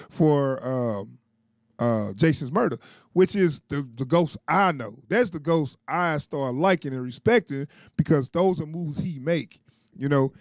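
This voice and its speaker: A man's voice: a little high, darkish tone, no room sound, clean studio sound. A man giving a casual, loose recap of a TV episode, chuckling often and leaning on filler words. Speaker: TV show reviewer.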